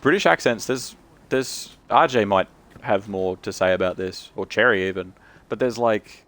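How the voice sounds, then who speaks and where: A man's voice: fairly low pitch, normal speed, fairly bright tone. A man chatting casually on his game stream, sweary and talkative. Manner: chatty, sweary, talks about accents.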